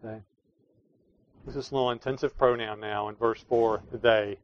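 A pastor gives an earnest sermon in an ordinary middle pitch, fairly quick and with fairly even intonation, moving from soft pleading to emphatic declarations. The audio is slightly dull and lo-fi, dry and close, without room echo.

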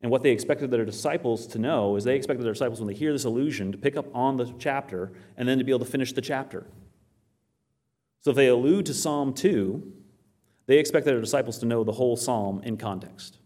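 A man's voice: mid-range voice, a little fast. A man preaching a Bible teaching, who asks his listeners questions and answers them himself, and reads scripture aloud. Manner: animated storytelling, quotes scripture aloud. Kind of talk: sermon.

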